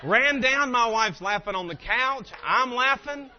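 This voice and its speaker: A man giving a humorous motivational keynote, telling family stories in an animated way and acting out the dialogue. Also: very high-pitched, measured pace, a little hiss or hum. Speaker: keynote speaker. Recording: dull lo-fi live recording.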